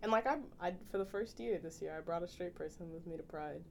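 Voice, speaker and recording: Animated young woman, low-pitched. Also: quick pace, vocal fry, slight background noise. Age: young adult. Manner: animated, laughing, filler-heavy. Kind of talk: casual podcast chat.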